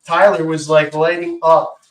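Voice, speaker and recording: An enthusiastic man talks his way through a hands-on demo, full of fillers and chatty asides. His voice sits a little high and comes from some distance off the mic, with a noticeable room echo around it. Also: level tone, moderate pace. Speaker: co-host. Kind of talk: casual show-and-tell demo. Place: indoor workshop room. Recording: roomy echo, far from mic.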